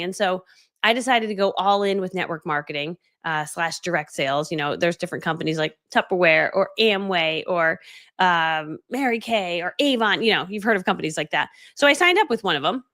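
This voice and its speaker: Fast-talking animated woman on a livestream. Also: medium pitch. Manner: animated, acts out quoted dialogue. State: watery eyes. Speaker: online business coach. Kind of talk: casual livestream storytelling.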